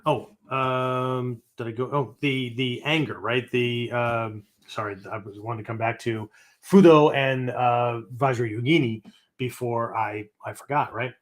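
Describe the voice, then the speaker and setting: A man's voice: mid-range voice, steady tone, a little slow. A man hosting a spoken teaching podcast, talking casually and rambling, with many fillers, frequent "right?" tags and blunt mild swearing. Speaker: podcast host teaching esoteric Buddhism.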